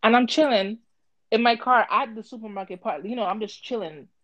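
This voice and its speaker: A woman telling a story in casual chat, animated and swearing, acting out both sides with a voice she calls harsh. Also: on the high side, a little fast, no room sound, lo-fi sound. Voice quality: harsh-sounding voice.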